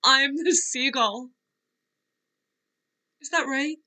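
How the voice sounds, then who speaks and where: A tearful, restless young actress, as a woman reads her in a virtual read-through. Her bright, high-ish voice moves slowly and wavers, drifting off mid-thought. A wistful, fragile figure. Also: full character voice, poor audio. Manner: wavering, laughing through tears, trailing off. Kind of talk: virtual play reading. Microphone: video call.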